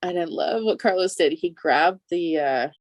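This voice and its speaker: A woman co-hosting a podcast, chatting casually as she recaps a TV episode, with an animated, laughing way of retelling it. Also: fairly low pitch, normal speed, dry recording. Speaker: podcast co-host.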